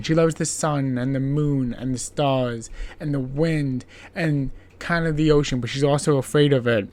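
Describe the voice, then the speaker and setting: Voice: mid-range voice, a little mellow. A podcast host recapping an old film's plot in a casual, rambling way, full of filler words and playful sarcasm. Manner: playfully sarcastic, laughs at own jokes.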